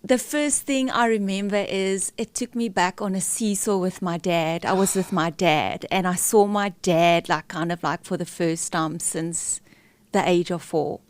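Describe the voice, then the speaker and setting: A woman's voice: lowish voice, fairly even intonation, a little slow, clean tone, no room sound. Woman telling a candid, emotional story. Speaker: guest. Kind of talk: personal story in a podcast interview.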